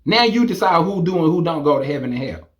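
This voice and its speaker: Animated, ranting man vlogger. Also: fairly high pitch, quick pace. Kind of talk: casual monologue to camera.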